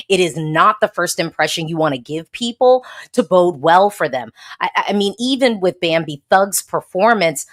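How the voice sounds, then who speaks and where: Sassy chatty woman blogger, lowish voice. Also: fairly bright tone. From United States. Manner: chatty, sassy, frequent laughs and emphatic repeats. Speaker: Eurovision blogger, host. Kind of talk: casual livestream chat reading viewer comments.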